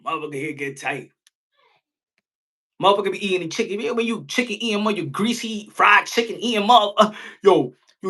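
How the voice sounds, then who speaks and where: Animated, profane boxing streamer, bright voice. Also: male voice, sits high, fast talker. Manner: animated, profane, jumps into mocking impressions. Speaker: boxing live-stream host. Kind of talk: live-stream chat.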